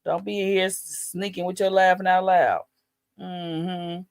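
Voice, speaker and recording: A man's voice: sits high, flat delivery, normal speed, creaky, no room sound, clean studio sound. A man hosting a livestream, chatting loosely and profanely straight to his viewers. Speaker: livestream host. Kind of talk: casual livestream chat.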